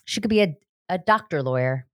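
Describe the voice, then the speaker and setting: A woman's voice: sits low, expressive, brisk, no room sound. A woman co-hosting a casual chat, cracking dry, teasing jokes. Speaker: podcast co-host.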